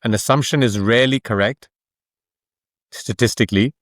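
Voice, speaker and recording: A man speaking in an interview at a middle pitch, with an explanatory, emphatic way of talking. He leans on rhetorical questions to drive his points home. The sound is dry and close. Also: moderate pace, no echo. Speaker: author and coach, podcast guest. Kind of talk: conversational interview.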